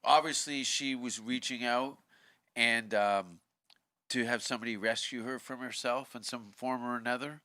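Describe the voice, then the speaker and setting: A Canadian man, a comedian guest, telling crude stories in a casual podcast chat and shouting out lines in bursts. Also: medium pitch, fairly even intonation, normal speed. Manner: profane, shouts out heckler exchanges in loud acted bursts.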